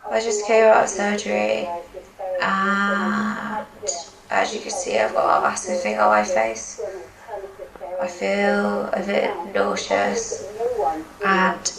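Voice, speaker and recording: Slow, gravelly young British woman. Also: medium pitch, over a noisy crowd. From Britain. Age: young adult. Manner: chatty, candid, with frequent fillers. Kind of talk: self-filmed video diary. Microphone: handheld camera.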